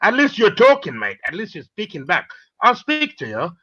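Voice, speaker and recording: A man calling in to a live stream, arguing, shouting insults and taunting the others. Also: high-pitched, huge pitch swings, normal speed, dull audio. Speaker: caller. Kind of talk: heated live-stream argument.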